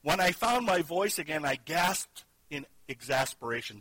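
A pastor preaches earnestly in a bright, forceful, slightly high and slightly rough voice, animated at normal speed with hardly any pauses. He rises to loud emphasis, then drops to a hushed, intimate level. The audio is poor, close and dry, with no room sound.

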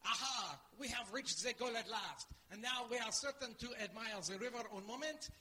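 A man putting on a French accent to play a pompous male traveler who declaims slowly and grandly, on a noisy live church mic. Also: extremely high pitch, bright, forceful tone, voice pushed up, exaggerated voice. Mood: triumphant.

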